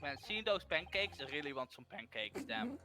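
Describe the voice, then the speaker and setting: A man's voice: fairly high pitch, big pitch swings, normal speed, sharp tone. A man from Europe, a stream guest, bantering playfully and protesting during a gaming stream. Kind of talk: casual banter while gaming.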